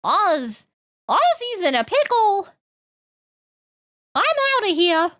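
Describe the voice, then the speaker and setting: A woman voicing a boastful male villain mage from a game, with a high, blustering voice. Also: big pitch swings, takes it slowly, a bit bright, no room sound, clean studio sound, exaggerated voice. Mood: panicked. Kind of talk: reading game dialogue aloud.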